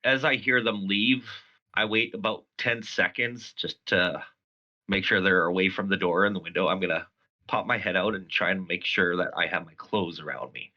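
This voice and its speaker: Male tabletop player, low-pitched, bright tone, relaxed, dull lo-fi sound. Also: moderate pace. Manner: casual, plainly stating actions. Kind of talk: tabletop game play.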